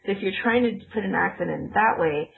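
A woman's voice: medium pitch, fairly quick, vocal fry, a little hiss or hum. A woman co-hosting a casual chat, explaining points in a teacherly, rambling way with fillers. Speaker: podcast co-host, former ESL teacher. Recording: tinny phone-like line.

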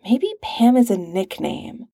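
A woman's voice: medium pitch, very animated, slow pace, vocal fry, warm tone, slightly rough, no room sound, clean studio sound, exaggerated voice. A woman reading a young female hacker who speaks in a casual, offhand way. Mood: mumbling.

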